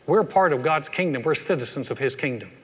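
A man preaching a humorous sermon as a pastor, in a folksy, animated storytelling manner with frequent repeats. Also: a little high, a little fast, husky. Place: large church sanctuary. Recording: echoey hall with long reverb.

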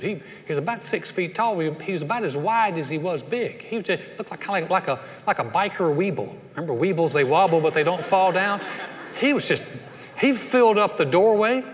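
A middle-aged man from the Southern United States, preaching a sermon full of stories and acting out the people in them. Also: a little high. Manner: animated, acts out voices in anecdotes. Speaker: pastor. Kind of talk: sermon with storytelling. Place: church sanctuary. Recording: long hall reverb.

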